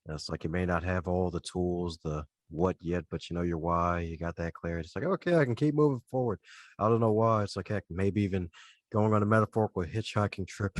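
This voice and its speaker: A man hosting a podcast interview, chatty and quick to laugh. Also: low voice, dry recording. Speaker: podcast host. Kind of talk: casual interview chat.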